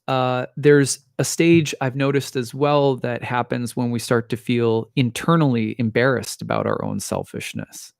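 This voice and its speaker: Gravelly-voiced man musing aloud. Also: medium pitch, dry recording, clean studio sound. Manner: thoughtful, with frequent restarts and small laughs. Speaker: astrologer. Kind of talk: reflective personal monologue.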